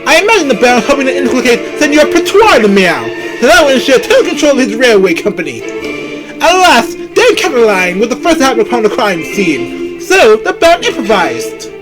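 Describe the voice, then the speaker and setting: A man's voice: very high-pitched, very animated, brisk, over music, rough recording. A man doing a theatrical bird lawyer. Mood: accusing. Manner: theatrical, accusatory. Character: sharp bird defense attorney, confident.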